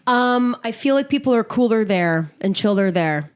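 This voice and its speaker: A woman's voice: fairly high pitch, moderate pace, smooth. A woman from Canada, a comedian guest on a chat show, playfully riffing and ranting. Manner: playful, riffing, animated rants.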